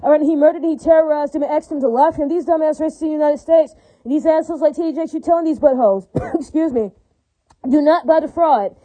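A woman delivers an angry, profane monologue at speed, preachy and repeating herself as she presses her point. Her voice sits high but sounds very dark and mellow in tone. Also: fast talker, rough recording. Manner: profane, heated, preachy, repetitive.

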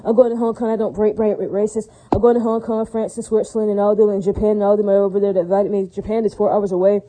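A woman's voice: mid-range voice, flat delivery, fast, mellow, low-quality recording. A woman in a rambling casual monologue, preachy and full of religious phrases, often asking "does that make sense".

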